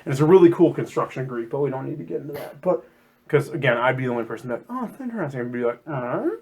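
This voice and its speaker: A man co-hosting a casual podcast chat about scripture, jokey and animated, often acting out quotes in silly voices. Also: mid-range voice, racing, vocal fry, husky. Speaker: podcast co-host.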